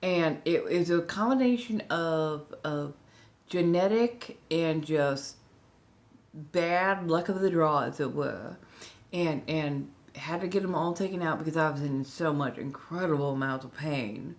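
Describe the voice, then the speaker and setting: Low, slow soft-spoken Southern woman. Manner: soft-spoken, slips into whispers, rambling with frequent restarts. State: talking without her upper denture. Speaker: ASMR livestream host. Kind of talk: relaxed livestream chat.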